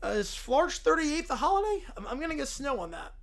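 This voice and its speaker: A man hosting a livestream, making dry, deadpan asides while reacting to a video. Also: very high voice, a little fast, gravelly. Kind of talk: casual reaction commentary.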